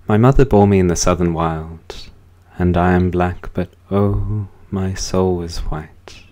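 A man reciting poems in a solemn, measured way, letting the ends of lines fall softly. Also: deep voice. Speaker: poetry reader. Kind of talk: slow, measured poetry recitation.

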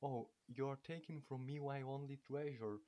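A man's voice: mid-range voice, fairly even intonation, normal speed, warm tone, pitched above the performer's own voice, lightly acted. A man reading aloud and voicing a gushing, tearful middle-aged mother.

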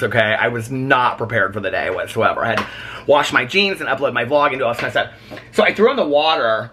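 A man vlogging in his home kitchen, chatting in a rambling, animated way and laughing often. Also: mid-range voice, husky. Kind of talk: casual chat.

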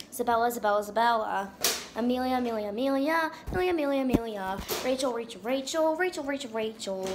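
A young girl playing out silly doll skits, switching dramatically between bratty voices. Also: high voice. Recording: noisy home recording.

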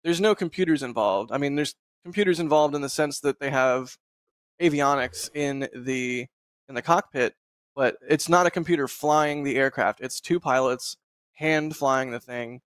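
Relaxed rambling man on a dry video call. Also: mid-range voice, normal speed, clear, resonant tone, no room sound. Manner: relaxed, rambling, laughs often. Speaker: host. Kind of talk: casual live-stream chat.

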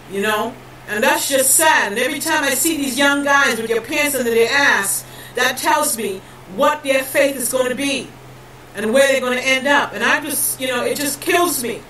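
A high-pitched woman delivers a fervent, preachy monologue, peppering it with fillers and breaking into shouts. She sounds set back from the mic in a roomy, echoing space. A faint hum of noise sits behind her. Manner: preachy and emphatic, heavy "you know" fillers, rising to shouts. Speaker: vlogger. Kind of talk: impassioned religious monologue to camera. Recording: echoey room, voice from a distance, faint background noise.

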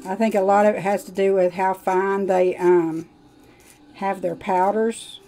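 Live-stream host, woman, country twang, warm mellow tone, rambling chatty demo talk. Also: mid-range voice, level tone, unhurried, low-quality recording. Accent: Southern US country twang. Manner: chatty, rambling, talks to viewers while working. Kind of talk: casual live demo chat.

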